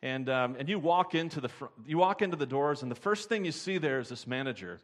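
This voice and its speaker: Animated storytelling male pastor. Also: fairly high pitch, brisk. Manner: animated storyteller who acts out characters. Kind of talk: sermon.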